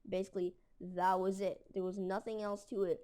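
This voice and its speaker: A woman's voice: mid-range voice, level tone, a little fast, mellow. Rambling casual woman telling a story. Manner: rambling, frequent fillers and mild slang. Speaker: storytelling video creator.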